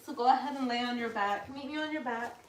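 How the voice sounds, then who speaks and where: A woman leading a casual guided yoga class at home, giving relaxed cues with joking asides. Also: fairly high pitch, fast. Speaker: yoga instructor. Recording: echoey room, mic far off, faint noise.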